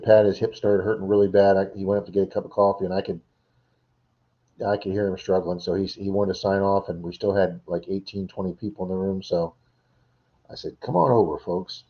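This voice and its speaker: A man's voice: sits low, steady tone, fairly quick, lo-fi sound. A middle-aged man hosting a casual livestream from home, rambling and answering viewers' chat messages. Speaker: livestream host.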